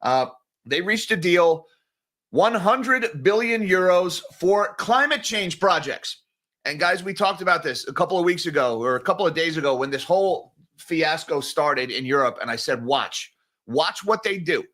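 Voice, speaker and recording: A man talks through market news in a loose solo commentary, his fairly high, bright voice full of sarcasm. He rambles and breaks into animated asides. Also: normal speed. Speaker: finance commentator.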